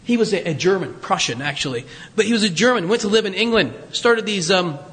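A man's voice: high voice, lively intonation, brisk, a bit bright, husky, big-room sound. A man preaching a conversational sermon, teaching from scripture with joking asides to his congregation. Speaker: pastor.

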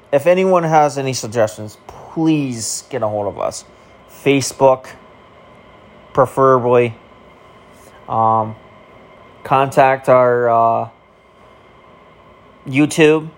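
A man streaming and vlogging, talking casually to camera in a rambling, profane way with many filler ums. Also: mid-range voice.

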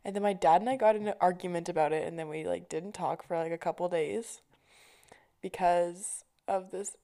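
Casting note: young woman vlogger, mellow voice with vocal fry, chatty and loose, swears a lot. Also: fairly low pitch, fairly even intonation, normal speed. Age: young adult. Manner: chatty storyteller, swears freely, many fillers. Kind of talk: casual chat.

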